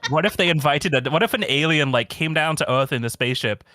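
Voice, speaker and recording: A man chatting casually as a stream guest, rambling with lots of fillers and telling stories in an animated way. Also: a little high, quick pace, a little hiss or hum. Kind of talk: casual chat.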